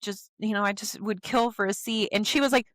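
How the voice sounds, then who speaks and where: A woman's voice: mid-range voice, brisk, dry recording. A young woman, co-hosting a casual podcast chat and telling stories with acted-out quotes. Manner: animated storyteller, acts out quotes in changed voices. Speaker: podcast co-host.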